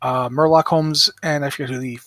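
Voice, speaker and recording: A man's voice: on the high side, fairly even intonation, fairly quick, a bit bright, dry recording. A middle-aged man co-hosting a casual podcast, rambling, correcting himself and apologizing for mispronouncing names. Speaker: podcast co-host.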